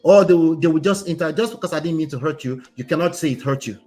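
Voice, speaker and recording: A man's voice: on the high side, fast talker, darkish tone, soft background music. A man, a relationship coach host giving casual, emphatic commentary and often asking "right?". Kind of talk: casual commentary on a reader's story.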